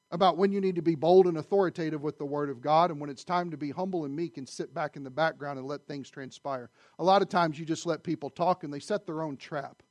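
A man preaches with a high, lifted voice that climbs even higher on his loudest points. He swings between loud emphasis and hushed asides. The sound is close and dry, with no room around it. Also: no room sound. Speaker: pastor. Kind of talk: sermon.

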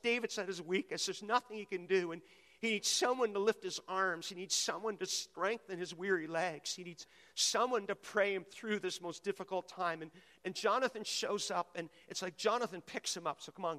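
A male pastor delivers a sermon in a high, bright voice, pressing his congregation to answer him aloud. His words ring out with a long echo across a large auditorium. He rises in fervor as he speaks. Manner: preaching with rising intensity, calling on the audience.

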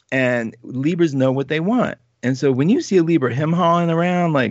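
A man hosting a live astrology talk show, reading viewer comments in an animated, chatty way and laughing often. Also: medium pitch, brisk, hardly any pauses, no echo, highs cut off.

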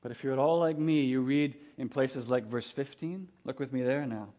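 A man's voice: medium pitch, moderate pace, warm tone. Conversational male pastor preaching. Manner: conversational, asks rhetorical questions. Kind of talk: sermon.

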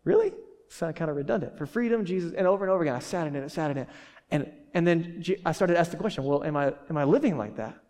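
A man preaches in a loose, joking way, circling back with fillers and quick restarts. His voice sits a little high for a man. The sound rings with the long echo of a church hall. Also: a little mellow. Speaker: pastor. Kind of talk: sermon.

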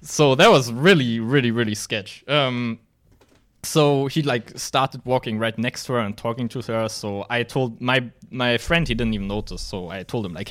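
A man's voice: medium pitch, moderate pace, a bit bright. Rambling young man. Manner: rambling storytelling with many fillers. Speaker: podcast host. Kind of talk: casual podcast chat.

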